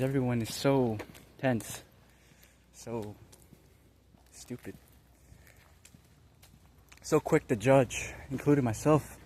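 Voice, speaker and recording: A man's voice: mid-range voice, a little hiss or hum. Rambling young man telling his spiritual story. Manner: rambling, heavy on fillers and slang, excitable. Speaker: vlogger. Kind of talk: casual spiritual testimony.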